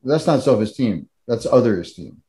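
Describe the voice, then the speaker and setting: A man's voice: mid-range voice, big pitch swings, normal speed, warm tone. A man in a casual podcast discussion, explaining ideas hesitantly with many fillers. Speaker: podcast guest.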